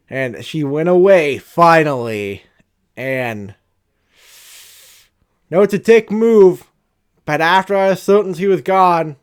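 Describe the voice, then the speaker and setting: A young man telling a profane, animated, rambling storytime rant about retail customers as a vlogger. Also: a little high, clear, resonant tone.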